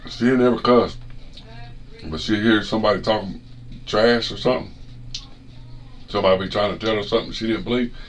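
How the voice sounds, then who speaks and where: A man's voice: fairly low pitch, fairly quick, pauses often, a little hiss or hum. A man with a Southern American accent chatting casually on a trading livestream, in a laid-back, folksy way. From Southern United States. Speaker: co-host trader.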